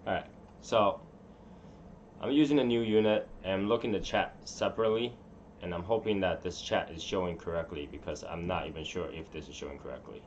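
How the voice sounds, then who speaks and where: A man's voice: deep voice, brisk, lo-fi sound, slight background noise. A man hosting a casual live stream, rambling and muttering to himself as he fiddles with his settings in a room at home. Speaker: livestream host.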